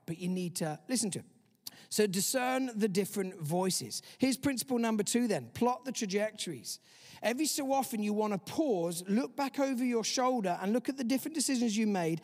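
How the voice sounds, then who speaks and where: A male pastor giving an animated sermon, acting out the inner voices he talks about. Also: high voice, long reverb tail.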